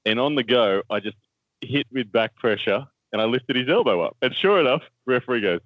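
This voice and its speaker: A man's voice: on the high side, huge pitch swings, fairly quick, no echo, narrow, tinny audio. A man with an Australian accent, co-hosting a casual chat and telling a story, laughing often and repeating words as he goes. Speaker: co-host, armwrestler.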